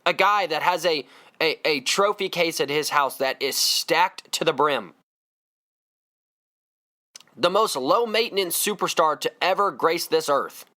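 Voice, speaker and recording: Male podcast host, emphatic sports rant, bright tone, animated delivery. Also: a little high, a little slow. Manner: fired-up, emphatic ranting.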